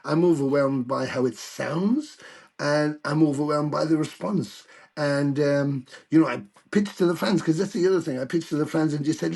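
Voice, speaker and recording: A British man in his older years, a guest musician telling stories in a casual interview, animated and swearing freely. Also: on the high side, moderate pace, creaky, husky. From United Kingdom.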